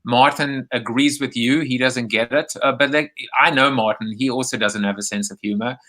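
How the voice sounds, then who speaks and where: A man's voice: medium pitch, fairly even intonation, normal speed, fairly bright tone. A man hosting a live video chat show, joking and rambling as he reads out viewer comments over a video call.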